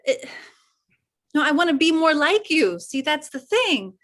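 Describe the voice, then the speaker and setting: An actress playing a shy 1950s teen girl confiding in her friend, talking in a halting, unsure way in a live improv comedy scene. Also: sits high, very animated, fairly bright tone, full character voice. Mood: earnest.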